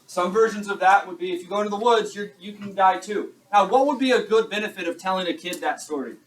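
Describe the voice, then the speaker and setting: A young male high school teacher giving a chatty classroom lecture, asking the class questions and joking at his own expense. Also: fast. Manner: chatty, self-deprecating, asks the class questions. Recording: distant mic with faint classroom noise.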